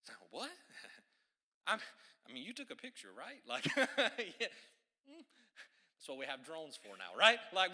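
A man with a strikingly bright, forceful voice delivers a sermon. He tells his story in an animated way and slips in playful, joking asides. His pitch sits a little higher than most men's. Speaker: preacher.

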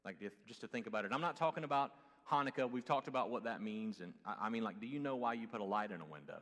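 A man with a light Southern US accent preaching a sermon as pastor, swinging between loud exclamations and hushed low asides. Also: expressive, fast talker, long reverb tail.

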